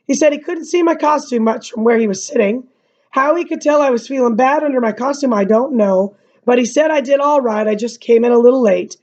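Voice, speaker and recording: Woman reading a novel aloud, lo-fi. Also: on the high side. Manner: casual asides between reading, slightly monotone narration. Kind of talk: read-aloud with commentary.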